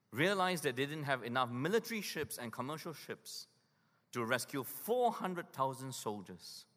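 Animated preaching man in a reverberant hall. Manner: emphatic preaching, swinging between loud urgency and hushed lows. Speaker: pastor. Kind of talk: sermon.

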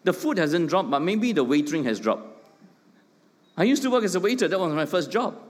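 A man's voice: sits high, sing-song, brisk. A middle-aged man, preaching a sermon with emphatic points, rhetorical questions and joking asides. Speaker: pastor. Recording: long hall reverb.

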